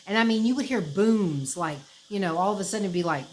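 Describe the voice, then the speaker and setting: A woman's voice: medium pitch, lively intonation, normal speed, slight background noise, low-quality recording. A woman chatting casually to her camera at home, rambling with fillers and laughs. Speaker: vlogger. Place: her house, indoors.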